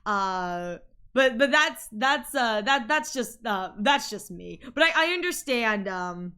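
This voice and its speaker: A woman's voice: a little high, lively intonation, takes it slowly, sharp tone, smooth. A woman streamer chatting casually with viewers, rambling with many restarts and frequent laughs.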